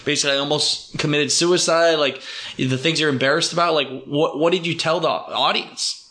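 Bright eager male podcast host. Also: a little high, a little fast. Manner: eager, chatty, asks follow-up questions. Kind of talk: casual interview chat.

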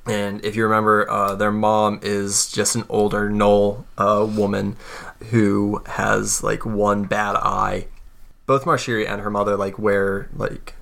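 A man's voice: fairly low pitch, monotone, measured pace, gravelly, fairly bright tone. A man narrating a tabletop game as game master, casual and full of fillers.

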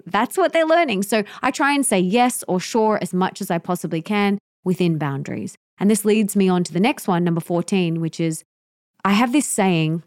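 A woman's voice: medium pitch, dry recording, studio quality. A young woman hosting a solo podcast, giving parenting tips in an earnest, emphatic way that repeats key points. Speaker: podcast host.

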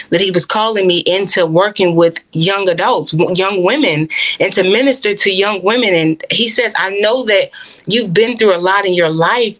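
A woman's voice: medium pitch, fairly bright tone. A young adult woman minister sharing her personal faith testimony in an interview, earnest and heartfelt, with many fillers.

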